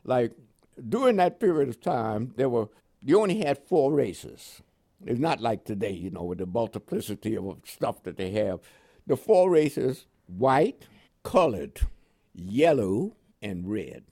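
A man's voice: mid-range voice, measured pace, gravelly. An older man from Panama with a New York accent touched with West Indian tones, telling his memories as a veteran in an oral history interview, laughing often and acting out dialogue. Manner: lively storyteller who laughs often and acts out dialogue.

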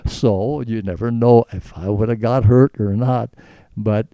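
A man's voice: fairly low pitch, steady tone, measured pace, warm tone, dry recording. An older man being interviewed, telling stories from his past in an earnest, rambling way with many restarts. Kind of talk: storytelling in conversation.

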